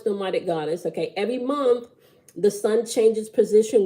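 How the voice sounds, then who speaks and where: A woman's voice: medium pitch, mellow. A woman giving a live-stream tarot reading, blunt and preachy, swearing freely and asking "okay?" again and again. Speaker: tarot reader.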